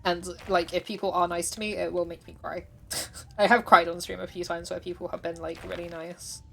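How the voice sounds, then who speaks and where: A woman's voice: fairly low pitch, little pitch movement, fairly quick, creaky, soft background music. A woman streamer chatting casually while she plays, chatty and self-deprecating, laughing often. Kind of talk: casual livestream chat while gaming.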